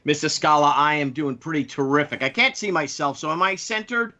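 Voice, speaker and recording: A man's voice: a little fast, pushed and bright. A man co-hosting a comics podcast over a video call, with theatrical, grandiose introductions. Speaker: co-host. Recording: muffled low-fidelity audio.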